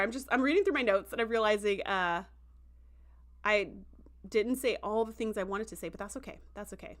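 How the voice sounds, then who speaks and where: A woman with a fairly high voice recaps an episode on a casual livestream. She talks in a loose, chatty way, stringing thoughts together with "like" and "um." When she quotes characters, she acts out their lines with lively, animated voices. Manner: chatty, heavy with "like" and "um" fillers. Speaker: show reviewer hosting a livestream.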